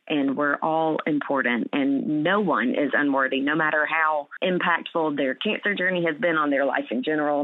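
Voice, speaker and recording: A woman speaks earnestly about what she has been through, her voice warm with feeling and full of small restarts. She sounds like she's on a narrow, phone-like call line with no room echo. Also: low voice. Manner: emotional, earnest, filler-heavy with restarts. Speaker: interview guest, cancer survivor. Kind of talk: heartfelt conversational interview.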